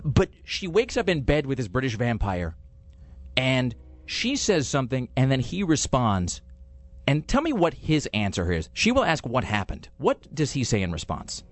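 A man's voice: medium pitch, wildly swooping pitch, moderate pace, no echo. A man hosting a podcast, rambling sarcastically in casual chat about a TV show. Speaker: podcast host reviewing TV.

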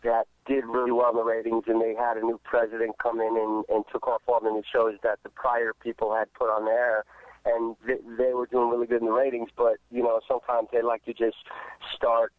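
A man's voice: mid-range voice, monotone, brisk, no room sound. Man, actor guest on a phone line, rambling with fillers, tinny dry sound. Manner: rambling, many restarts and fillers, laughs often. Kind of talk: casual interview answers.

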